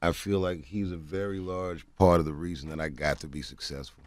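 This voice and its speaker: A man's voice: low voice, fairly even intonation, a little fast. A man in his forties telling funny stories in an interview, laughing often and acting out dialogue. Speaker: comedian guest. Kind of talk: interview anecdotes.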